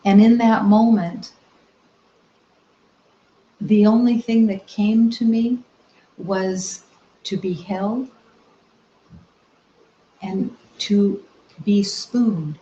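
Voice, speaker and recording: A woman spiritual teacher giving a meditative talk, soft-spoken and gentle, with long reflective pauses. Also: mid-range voice, fairly even intonation. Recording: roomy, slightly dull recording.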